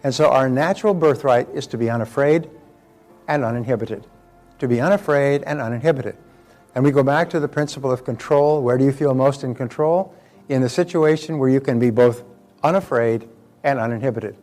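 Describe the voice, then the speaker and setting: A man's voice: mid-range voice, a little fast, a little mellow, soft background music. Older man giving a motivational talk. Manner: conversational, anecdotal, with repeated words and fillers. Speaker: motivational speaker.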